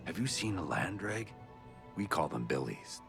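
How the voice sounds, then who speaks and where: A very deep, gravelly male villager from a fantasy game, friendly as he shares gossip and a warning. His voice swings widely in pitch, with game music playing behind. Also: sing-song, moderate pace, heavily acted.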